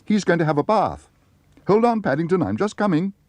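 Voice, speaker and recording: A man voicing an eager, excitable young girl in a storybook reading. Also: high voice, a little fast, no echo, voice pushed up.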